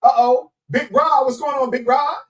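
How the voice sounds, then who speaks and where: A man's voice: very high voice, moderate pace. A man hosting a live show, chatting casually and playfully with viewers, greeting them by name and laughing often. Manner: animated, laughing, playful Southern Black vernacular. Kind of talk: casual live-stream chat. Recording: voice somewhat distant from mic.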